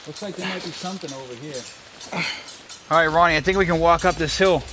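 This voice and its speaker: An actor playing a frantic, foul-mouthed male crew member who swears and yells while lost in the woods. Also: fairly high pitch, fast talker, noisy background, lightly acted. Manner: swearing, frantic, shouting names.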